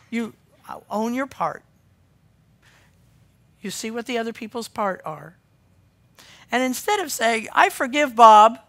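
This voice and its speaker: A woman pastor preaching a sermon, swinging from loud emphasis to quiet intensity. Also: medium pitch.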